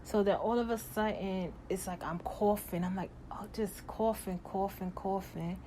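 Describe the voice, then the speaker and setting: A young woman telling a personal story in a casual storytime, animated and growing loud and exasperated as she retells events. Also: mid-range voice, normal speed, a little hiss or hum.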